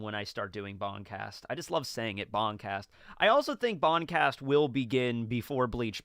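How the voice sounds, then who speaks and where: A man's voice: medium pitch, bright, forceful tone, clean tone, no echo, clean studio sound. Chatty American man on a livestream. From United States. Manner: rambling, chatty, jokey. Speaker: livestream host reading chat. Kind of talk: casual livestream chat.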